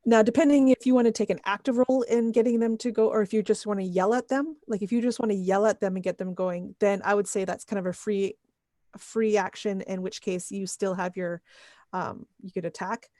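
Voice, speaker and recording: A woman's voice: medium pitch, steady tone, fairly quick, mellow, dry recording. Dry-voiced woman game master. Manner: patient, checks numbers step by step. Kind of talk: running a tabletop game, explaining rules.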